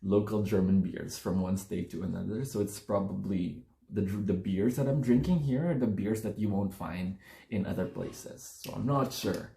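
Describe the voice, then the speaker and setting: A man's voice: on the low side, moderate pace, gravelly, dark tone, reverberant. A man, chatting casually and rambling to his phone camera while taste-testing beer at home. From Philippines. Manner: chatty, rambling, self-correcting. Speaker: beer-tasting vlogger.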